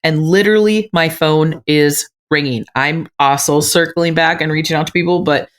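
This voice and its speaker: A woman co-hosting a podcast, telling stories in an animated, casual way with a lot of "like" in her speech. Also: deep voice, normal speed. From Minnesota. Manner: animated storyteller, frequent "like". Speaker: podcast co-host, realtor. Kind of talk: casual chat. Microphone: remote recording.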